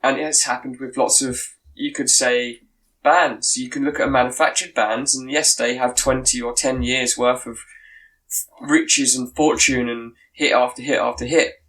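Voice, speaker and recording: A man's voice: mid-range voice, fairly even intonation, moderate pace, fairly bright tone, low-quality recording. A man co-hosting a podcast in casual chat, making long, opinionated points. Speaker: podcast co-host.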